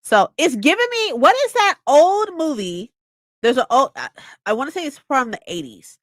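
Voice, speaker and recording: Excitable young woman gushing about a book. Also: high voice, moderate pace, dry recording, studio quality. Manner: excitable, swears often, acts out quotes. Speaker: streamer hosting a reading session. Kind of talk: casual book chat.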